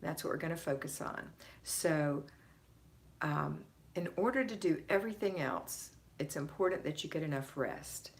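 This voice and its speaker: A woman's voice: sits low, lively intonation, normal speed, creaky. A woman hosting a live stream, chatting casually, reading out viewers' comments and greeting them by name with frequent laughs. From Florida, United States. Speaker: host of a home-organizing live stream.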